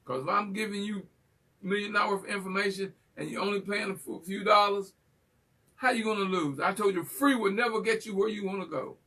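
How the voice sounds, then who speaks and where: Folksy male show host, husky and bright-toned, teasing, recorded on a distant mic. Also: high-pitched, a little fast. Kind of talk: live call-in class, casual chat.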